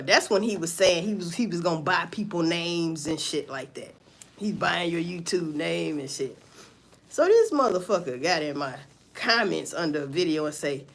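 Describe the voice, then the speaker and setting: Animated woman gossiping on a livestream. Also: fairly low pitch. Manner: profane, animated gossip with mocking asides. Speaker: livestream host. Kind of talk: casual livestream commentary.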